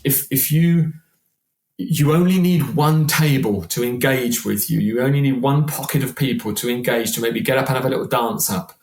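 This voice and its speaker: A man in his sixties, a singer guesting on a podcast, talking in an animated, chatty way and often repeating words. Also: mid-range voice, moderate pace. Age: 60s. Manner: animated, chatty, repeats words while acting out quoted voices. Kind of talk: casual podcast conversation. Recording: roomy echo.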